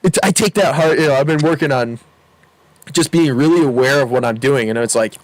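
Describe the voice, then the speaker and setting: A man's voice: medium pitch, a little fast, dry recording. A man in his twenties, a podcast guest telling a story casually, rambling and candid with lots of fillers. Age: 20s. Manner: rambling, candid, laughs often, many fillers.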